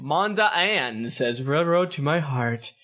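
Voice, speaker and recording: A man's voice: fairly high pitch, animated, slow pace, pushed and bright. A man co-hosting a podcast, reading out listener reviews in a playful, joking way. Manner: playful, gives quotes silly voices. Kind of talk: casual banter, reading reviews aloud.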